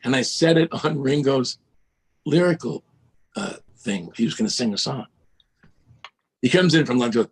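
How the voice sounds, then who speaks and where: A man guest on a video call, telling animated stories and acting out voices as he goes. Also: mid-range voice, moderate pace, long pauses, slightly rough. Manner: lively, acts out voices in his anecdotes. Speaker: guest record producer. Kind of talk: animated storytelling.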